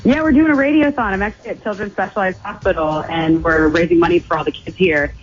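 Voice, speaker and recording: A woman's voice: on the low side, fast talker. A woman calling in to a radio show, bubbly and laughing as she catches up with the host. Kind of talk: casual phone-in chat. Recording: dull phone-in radio sound with music.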